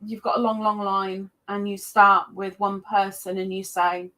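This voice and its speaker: A woman hosting a casual livestream chat, greeting viewers by name with excited jumps in her voice. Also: medium pitch, measured pace. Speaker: livestream host.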